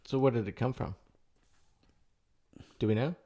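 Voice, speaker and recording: A man's voice: mid-range voice, moderate pace, mellow. A man co-hosting a casual history podcast, tossing in dry, wry questions and asides. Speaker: podcast co-host.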